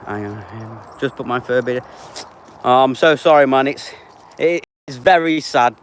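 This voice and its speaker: A man's voice: mid-range voice, fairly even intonation, a little slow, a little hiss or hum. A man, chatting casually on a live stream and answering viewers by name. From England. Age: 30s. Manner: reads out viewer names and answers them offhand.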